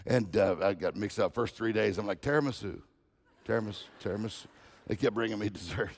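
A man's voice: lowish voice, fairly even intonation, brisk, husky. A man giving a guest sermon on gratitude, telling jokes and personal stories and often repeating phrases. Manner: joking, anecdotal, repeats phrases. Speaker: guest speaker. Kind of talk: humorous sermon storytelling.

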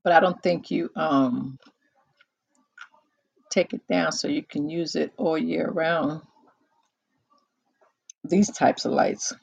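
A host of a live call-in talk show chatting casually into a close microphone, unhurried and musing, with many pauses and fillers. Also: mid-range voice, steady tone, creaky, slightly rough, no room sound, highs cut off.

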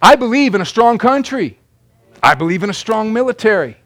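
A man preaching a sermon. He moves from loud, emphatic declarations to quiet asides. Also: high-pitched, big pitch swings, brisk. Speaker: pastor.

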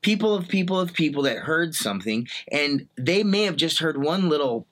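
A man hosting a podcast with a bright, forward voice. He asks his guest questions in a warm-hearted, encouraging way, keeping the chat loose and casual. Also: on the high side, lively intonation, normal speed. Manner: encouraging, friendly interviewer. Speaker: podcast host. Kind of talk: casual interview.

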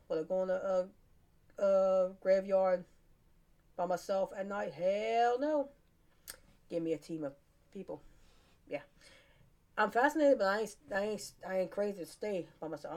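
A woman hosting her podcast, chatting casually, rambling and laughing often. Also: on the low side. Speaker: podcast host. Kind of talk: casual solo chat.

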